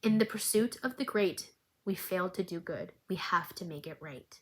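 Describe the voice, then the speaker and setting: A woman plays a frail, despairing male scientist who talks quietly and sounds pleading. The figure is a cartoon character quoted in a recap. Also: fairly low pitch, expressive, normal speed, pitched below the performer's own voice, poor audio.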